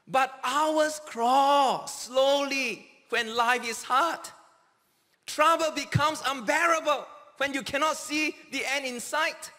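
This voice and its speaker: A man preaches a sermon in a very high, bright voice. He takes his time, leaning on each phrase and calling out quoted cries with dramatic force. His words ring out with the long reverb of a large church hall. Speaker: pastor.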